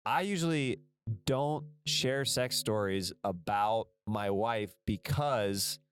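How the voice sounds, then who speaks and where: A man's voice: lowish voice, slow pace, smooth. A man hosting a podcast from a car, joking and laughing with stammering restarts. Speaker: podcast host. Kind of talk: casual chat on a road trip. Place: inside a moving car.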